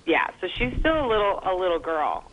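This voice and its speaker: A middle-aged woman speaks as an interview guest, her voice sitting a little low. She tells a personal story earnestly, with feeling and the odd filler. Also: big pitch swings, brisk, lo-fi sound, a little hiss or hum. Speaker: guest, mother and foundation founder.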